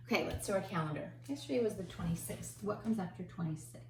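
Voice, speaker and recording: A woman teaching her kindergarten class remotely, with gentle sing-song talk aimed at small children. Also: on the low side, expressive, fast talker, reverberant, far from the mic, background noise.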